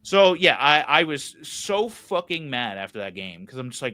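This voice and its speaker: A man's voice: fairly high pitch, very animated, moderate pace, sharp tone. A young man co-hosting a podcast, ranting heatedly and swearing a lot in casual chat. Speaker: podcast co-host.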